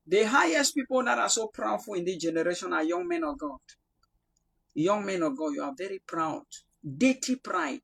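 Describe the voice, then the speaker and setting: A young Cameroonian man from the Northwest preaching a prophetic sermon, swinging from loud rebuke to quiet prayer. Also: high voice, animated, normal speed, creaky, slightly rough. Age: young adult.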